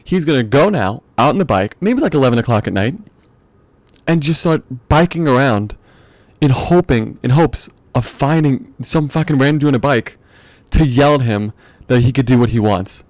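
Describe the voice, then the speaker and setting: In a moderately paced, slightly mellow mid-range voice, a young podcast host tells an animated comic story-rant. He sounds exasperated, curses freely and laughs a lot, with no echo on the recording.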